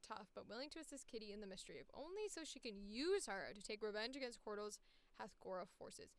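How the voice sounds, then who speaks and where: A woman's voice: on the high side, a bit bright, clean tone, no room sound. A woman voice actor casually commenting on her own auditions, candid and profane, with hiccups. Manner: candid, profane, self-deprecating.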